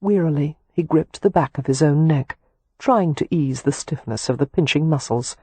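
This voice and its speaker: A man reading an audiobook in a measured, even scripted narration. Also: on the high side, slightly rough, no room sound.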